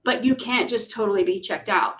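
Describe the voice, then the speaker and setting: A middle-aged woman hosting a casual interview, an animated storyteller who acts out the quotes she tells. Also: medium pitch, brisk, low-quality recording. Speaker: business coach and host.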